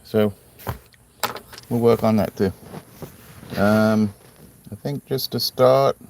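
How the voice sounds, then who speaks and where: A man's voice: on the low side, steady tone, takes it slowly, vocal fry, noisy background. A man hosting a casual live stream, chatting in a rambling, friendly way and greeting viewers by name. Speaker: livestream host cutting stones.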